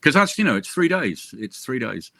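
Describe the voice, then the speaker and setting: Bright, chatty man on a dry call. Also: medium pitch, big pitch swings, normal speed, gravelly, no echo. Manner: chatty, self-interrupting, jokey asides. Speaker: crime author interviewed as guest. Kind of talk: casual chat.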